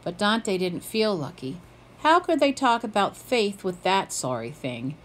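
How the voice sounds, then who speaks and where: A woman's voice: medium pitch, big pitch swings, measured pace, low-quality recording. A woman reading a children's picture book aloud, lifting her voice for the characters' quoted lines. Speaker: storybook reader.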